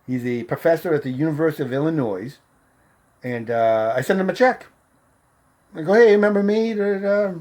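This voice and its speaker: A man's voice: a little high, lively intonation, normal speed, long pauses, darkish tone. A middle-aged man from Massachusetts telling a personal story in a casual, profane way, laughing as he goes and acting out what people said. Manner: profane, laughs through the tale, acts out the voices.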